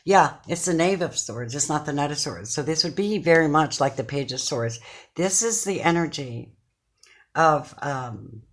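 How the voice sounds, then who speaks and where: A woman's voice: sits low, animated, normal speed. A middle-aged woman giving a casual tarot reading to her viewers from her chair at home, talking in an effusive, affectionate, chatty way. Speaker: tarot card reader.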